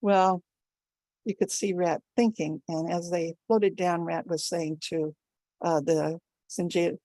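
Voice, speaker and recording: An older woman telling a folktale at a storytelling event, with an animated, expressive delivery. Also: fairly low pitch, slow pace, no room sound.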